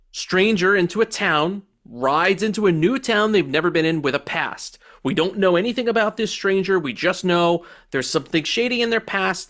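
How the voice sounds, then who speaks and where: A man's voice: fairly high pitch, a bit bright. A man co-hosting a movie review podcast, talking in a loose, profane, jokey way and acting out quotes from the film. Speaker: podcast co-host. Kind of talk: casual movie review chat.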